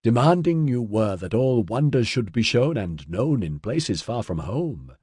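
A sad, ancient alien woman speaks in slow, sing-song riddles, voiced by a male audiobook narrator. Her husky voice rises and falls widely. The sound is dry and close. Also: medium pitch, sing-song, darkish tone, dry recording. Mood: mournful. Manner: slow, lilting, riddling speech. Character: ancient serene female alien singer, mournful.

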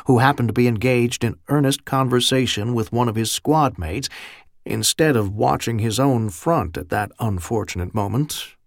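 A man narrating a military novel as an audiobook in a measured, steady way. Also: mid-range voice, dry recording, clean studio sound. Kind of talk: scripted narration.

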